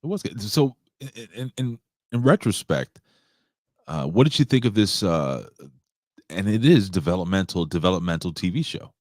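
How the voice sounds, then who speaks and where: Very deep-voiced male podcast host. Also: lively intonation, normal speed, no echo, clean studio sound. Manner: blunt, emphatic, repeats himself. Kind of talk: casual podcast chat.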